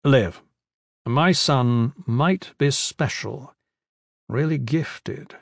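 A man's voice: medium pitch, extremely slow, vocal fry, dry recording, heavily acted. A man voicing a powerful male lord who speaks earnestly and gives firm orders. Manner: earnest, commanding.

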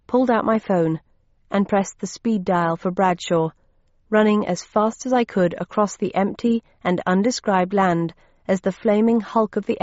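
A woman reading a first-person story aloud as an audiobook narrator, steady and measured. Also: mid-range voice, no room sound, highs cut off.

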